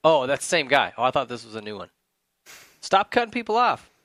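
A man's voice: medium pitch, brisk. A man co-hosting a studio show, joking around and playing mock outrage at the others. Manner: jokey, animated, mock-outraged. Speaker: co-host. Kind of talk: casual studio banter.

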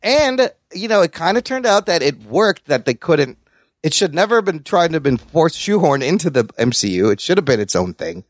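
A man co-hosting a podcast in casual chat, animated and profane. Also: brisk, dry recording. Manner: animated, profane, swings between high and low pitch. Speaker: podcast co-host.

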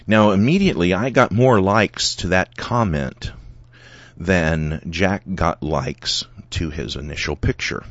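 His voice sits low as this man, hosting a podcast on his own, recounts an online argument and reads out comments with lots of fillers. There is no room sound, and the audio is dry, dull and lo-fi.

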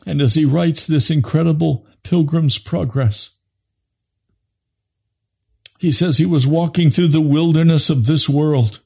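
A man preaching an impassioned sermon, swinging from low grave tones to high urgent pleading. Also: measured pace, vocal fry, long pauses, warm tone, slightly rough.

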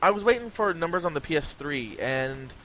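A man's voice: on the high side, expressive, brisk, sharp tone, rough recording. Man hosting a gaming podcast, faint hiss. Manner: reads sales figures with many ums and restarts. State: slightly hoarse from talking. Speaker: podcast host. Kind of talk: casual gaming podcast chat.

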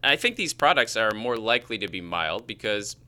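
Bright-voiced man with a Chicago accent. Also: fairly low pitch, very animated, a little fast. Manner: explanatory, laughs easily. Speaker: podcast co-host. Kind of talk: casual science chat.

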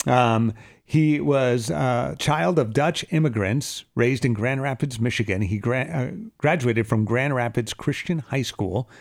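A man's voice: mid-range voice, a little slow, gravelly. A man co-hosting a morning radio show, chatting casually and reading news items in a conversational way. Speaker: radio host.

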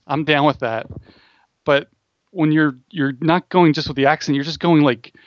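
A man's voice: a little high, fairly even intonation, moderate pace, highs cut off. A man co-hosting a casual podcast chat, rambling and thinking aloud with many restarts. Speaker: podcast co-host.

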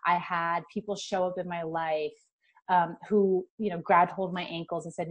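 A woman's voice: lowish voice, a little fast. Middle-aged woman telling a heartfelt story. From California. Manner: animated, emotional storytelling with laughter. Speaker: guest. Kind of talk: personal storytelling interview.

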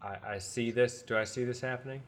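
A man's voice: medium pitch, fairly even intonation, brisk, a little hiss or hum. A man playing a tabletop game, talking casually with stammering restarts. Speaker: player.

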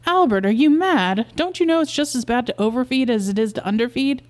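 A woman's voice: a little high, lively intonation, fairly quick, voice pushed up, close to an everyday voice. A woman doing an anxious, scolding wife. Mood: alarmed. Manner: sharp, scolding. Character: anxious, stern wife and mother. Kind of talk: story reading.

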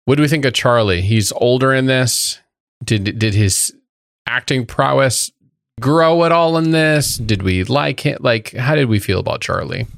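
A man's voice: mid-range voice, expressive, a little slow, vocal fry, a bit bright, dry recording, studio quality. A man co-hosting a casual film review podcast, wry and jumping between topics, laughing mid-sentence. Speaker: podcast co-host.

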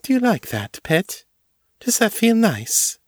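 A man's voice: sits high, very animated, slow pace, no room sound, clean studio sound, voice pushed up, heavily acted. A man voicing a purring vampire mistress. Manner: commanding but gentle, purring. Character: commanding yet gentle female vampire mistress.

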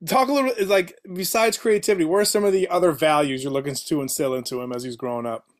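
Chatty 40s guy hosting, pretty high voice, lots of likes and you knows. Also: fast. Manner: casual, filler-heavy, laughs often. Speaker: podcast host. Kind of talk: casual interview chat.

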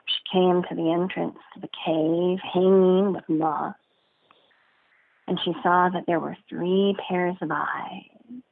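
Slow, gravelly woman telling a story. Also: on the low side, fairly even intonation. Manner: slow, deliberate, rich sensory detail. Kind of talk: told folk story, guided narration. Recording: narrow phone-like sound, dry.

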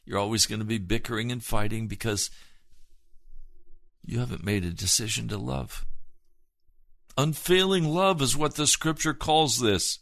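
A man preaching a sermon in an earnest way, moving between hushed and emphatic delivery and slowing down to stress points. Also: medium pitch, creaky, no room sound.

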